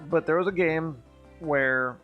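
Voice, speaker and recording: Male streamer, slightly high voice, tipsy and profane, casual rambling delivery, faint music underneath. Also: unhurried, phone-quality sound. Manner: rambling, profane, animated when riled. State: drinking, tipsy. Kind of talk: casual storytelling chat.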